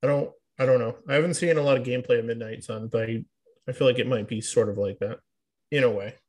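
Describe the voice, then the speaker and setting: Young male co-host, husky voice, easygoing, stumbles and restarts a lot. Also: mid-range voice, fairly even intonation, fast, darkish tone. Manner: hesitant, many restarts. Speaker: podcast co-host. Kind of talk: casual chat.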